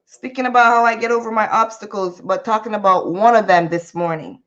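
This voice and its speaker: A woman's voice: mid-range voice, a little fast. Chatty woman livestreamer, muffled audio. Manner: animated, chatty, greets viewers mid-story. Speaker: livestream host. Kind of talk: casual storytelling livestream.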